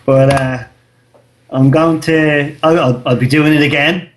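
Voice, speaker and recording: A man's voice: a little high, steady tone, measured pace, slight background noise. An Irish man in his thirties, co-hosting a podcast in casual chat, telling a loose, slangy story and swearing freely. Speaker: podcast co-host.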